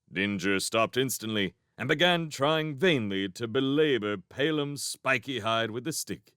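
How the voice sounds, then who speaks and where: A man reading a children's fantasy novel aloud as narrator, in an expressive storybook style. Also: on the low side, moderate pace, smooth, dry recording, studio quality. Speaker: fan audiobook reader.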